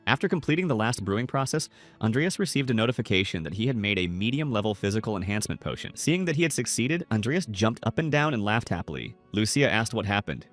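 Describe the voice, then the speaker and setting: A man's voice: mid-range voice, lively intonation, fast talker, faint music behind. A man narrating a scripted story recap.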